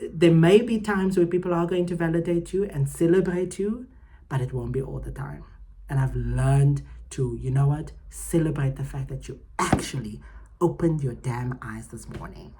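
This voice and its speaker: A woman hosting her own podcast, giving heartfelt, emphatic motivational talk that swings between loud and soft. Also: deep voice, normal speed. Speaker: podcast host.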